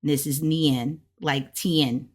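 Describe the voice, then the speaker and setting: Slow, low-voiced woman explaining casually. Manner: relaxed, chatty, many fillers and "right?" checks. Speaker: language learner sharing study notes.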